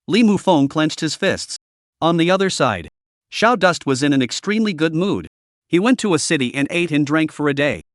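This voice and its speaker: A man narrating a fantasy comic story in scripted form, with steady storytelling delivery. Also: a little high, no echo, studio quality. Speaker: recap narrator.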